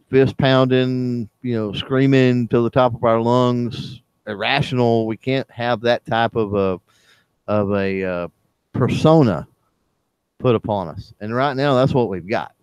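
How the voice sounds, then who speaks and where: A man co-hosting a casual online chat, speaking in a halting way with many fillers and restarts. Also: medium pitch, a little mellow, clean tone, no echo. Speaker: livestream chat co-host.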